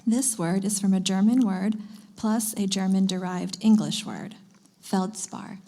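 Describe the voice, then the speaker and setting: Lady pronouncer at a spelling bee, careful clear reading of definitions, average pitch. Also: steady tone, mellow. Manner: clear, measured, repeats words carefully. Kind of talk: reading words and definitions aloud.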